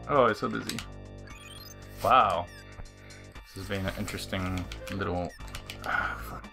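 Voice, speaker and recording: A man giving casual, excitable commentary on a retro game he is playing, swearing and laughing at it. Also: deep voice, a little slow, gravelly, pauses often. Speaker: let's play host. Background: faint game music.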